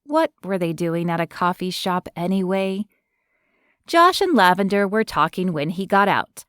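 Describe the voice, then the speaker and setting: Woman narrator for a romance audiobook, lively pitch, dry close-miked studio sound. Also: normal speed, smooth, no echo. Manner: expressive, even storytelling.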